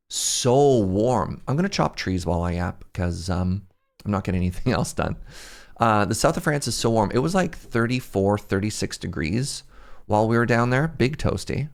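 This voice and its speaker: A young man streaming a game, chatting casually and rambling, laughing at himself often. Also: lowish voice. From Canada. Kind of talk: casual livestream chat while gaming.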